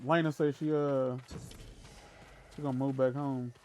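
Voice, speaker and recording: A man chatting casually on a live gaming stream, telling rambling, animated stories, restarting sentences and laughing at his own jokes. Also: mid-range voice, a little slow, a little hiss or hum. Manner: restarts and stammers often.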